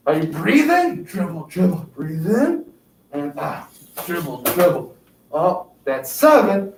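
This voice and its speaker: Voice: mid-range voice, darkish tone. A yoga instructor leading an exercise class, counting out repetitions and encouraging everyone as they go. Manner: counting out reps, upbeat encouragement. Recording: echoey room, distant mic, faint noise.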